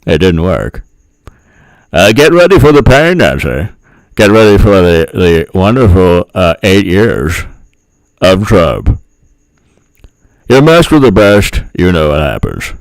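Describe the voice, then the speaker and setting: A man doing a slow, smug old senator. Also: deep voice, very animated, no room sound, exaggerated voice, rough recording. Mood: gloating. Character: drawling older male senator, slow and smug.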